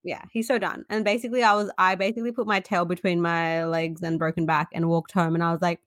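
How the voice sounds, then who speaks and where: Animated woman in her thirties. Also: fairly low pitch, fast talker, no echo, clean studio sound. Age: 30s. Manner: animated storyteller, acts out quotes, laughs often. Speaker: podcast co-host. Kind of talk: casual chat.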